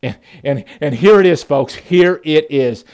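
Impassioned pastor, higher voice. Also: male voice, unhurried. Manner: impassioned, repetitive restarts, acts out quotes loudly. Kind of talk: sermon.

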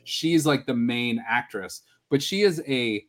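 A man's voice: mid-range voice, animated, a little slow. A man hosting a casual podcast movie draft, talking enthusiastically and laughing as he goes.

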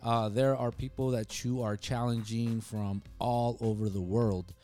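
A man's voice: medium pitch, steady tone, unhurried, dark tone. A man hosting a podcast, chatting casually and hyping his guest up with slang. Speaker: podcast host. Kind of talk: casual interview chat.

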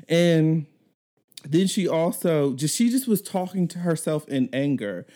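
Mellow-voiced man telling a story. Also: fairly high pitch, unhurried. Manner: animated, laughs often, acts out quoted callers. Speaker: podcast host. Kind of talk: casual chat, storytelling.

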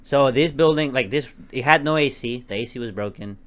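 A man's voice: medium pitch, brisk. A young man co-hosting a podcast, telling rambling stories in casual chat and swearing now and then. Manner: rambling, animated storytelling with swearing. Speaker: podcast co-host.

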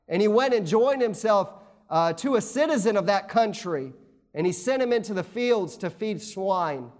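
Man preaching, high voice, reads scripture, chatty asides, amen?. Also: a little mellow. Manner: reads scripture aloud in King James wording. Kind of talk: sermon.

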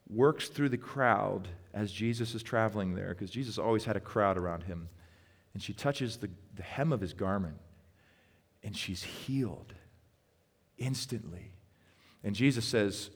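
A male pastor delivers a sermon in a storytelling way, leaning on key words by slowing right down. His voice sits fairly low and carries a long reverb from a church sanctuary. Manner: storytelling, with emphatic slow stresses.

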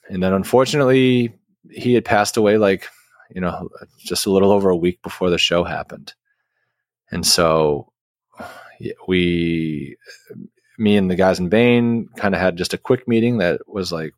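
A man's voice: sits low, no room sound, studio quality. A man who is a guest musician, telling a long story in a casual interview, rambling with many restarts and fillers.

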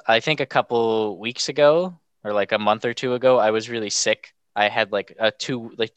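A young man appears as a podcast guest, telling stories casually and rambling, saying "like" in almost every phrase. His lowish voice is fairly bright and smooth, recorded with no echo.

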